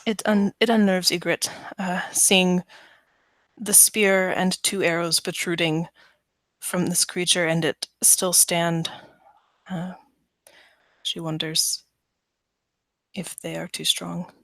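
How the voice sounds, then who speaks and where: Slow, hesitant woman player. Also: on the low side, little pitch movement, a bit bright, dry recording. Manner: hesitant, with fillers. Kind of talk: tabletop game play.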